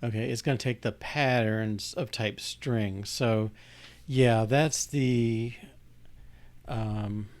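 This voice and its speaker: Man, slow-paced, thinking aloud, hesitant restarts, live coding walkthrough. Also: medium pitch, fairly even intonation. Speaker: programmer demonstrating code.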